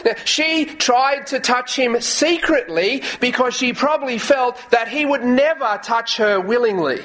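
A man's voice: extremely high pitch, measured pace, fairly bright tone, poor audio. A male pastor preaching a sermon earnestly, often repeating words as he goes and reading scripture aloud. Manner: reads scripture aloud in old English wording.

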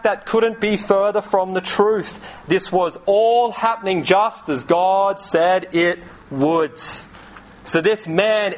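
A man delivering a sermon from the pulpit in a high, light voice. He speaks slowly and deliberately, leaning on key words for emphasis. He acts out quoted lines with dramatic flair. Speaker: preacher.

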